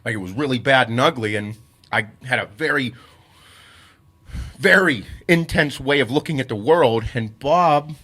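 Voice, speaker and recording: A man's voice: mid-range voice, moderate pace, pushed and bright. A man hosting a podcast, telling stories in an intense, profane, casual way. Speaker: podcast host.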